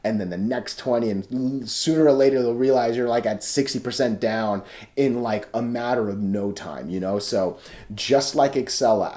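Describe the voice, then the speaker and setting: A man's voice: on the low side, normal speed, warm tone. A man giving casual stock chart commentary, loose and chatty, often checking in with "right?" and restarting his sentences.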